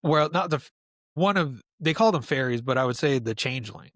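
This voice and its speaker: A man, a podcast guest telling a childhood story in a casual, animated way and laughing often. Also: medium pitch, brisk, dry recording, studio quality. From New York, USA.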